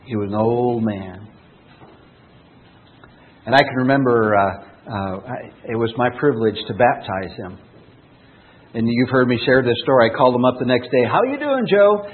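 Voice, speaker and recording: A man's voice: medium pitch, moderate pace, long pauses. A man, a pastor, preaching a sermon earnestly, reading scripture and telling stories, with a tinny, phone-like sound. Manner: earnest, with lively rising and falling emphasis.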